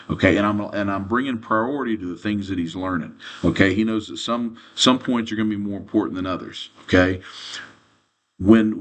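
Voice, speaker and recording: A man teaching as a quarterback coach in an earnest coaching lesson, often pausing to check in with "okay?". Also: on the low side.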